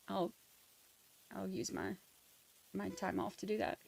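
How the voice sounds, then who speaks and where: A woman's voice: mid-range voice, animated, takes it slowly, gravelly, a little mellow. A young woman with a Southern US accent hosting a casual livestream, chatting loosely and reading viewer comments aloud. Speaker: livestream host.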